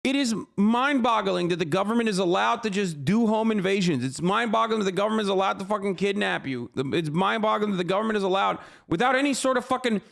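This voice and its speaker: A man's voice: high voice, quick pace, vocal fry, hardly any pauses, fairly bright tone. A man streaming a reaction to a news story, heated and profane, repeating himself and asking "okay?" often. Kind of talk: livestream reaction commentary.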